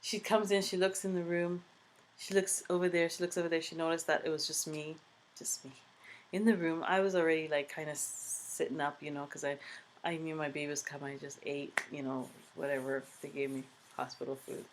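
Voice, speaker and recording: A woman telling a personal story in a chatty, animated vlog, full of asides. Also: deep voice, fairly quick, slight background noise. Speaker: vlogger.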